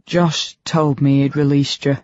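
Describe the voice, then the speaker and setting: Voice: medium pitch, flat delivery, measured pace, darkish tone, no echo, natural voice. A narrator voicing a compassionate male counsellor who speaks reassuringly. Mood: friendly. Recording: dull lo-fi recording.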